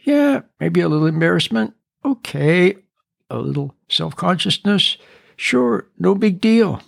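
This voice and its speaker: A man's voice: sits high, expressive, unhurried, vocal fry, no echo, clean studio sound. A man hosting a podcast, speaking off the cuff and plain-spoken, often repeating his key points. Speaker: podcast host. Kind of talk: unscripted advice talk.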